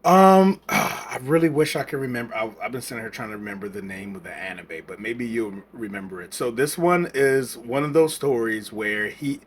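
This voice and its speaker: A man's voice: medium pitch, normal speed, few pauses, a little hiss or hum. A man co-hosting an anime podcast, chatting casually and rambling with lots of fillers and restarts. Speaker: podcast co-host. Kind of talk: casual anime review chat.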